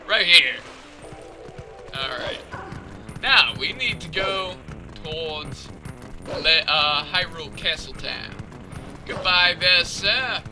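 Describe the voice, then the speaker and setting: Excitable joking man over game music. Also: fairly high pitch. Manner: jokey, crude, excitable. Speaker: let's play host. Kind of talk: goofy gameplay commentary.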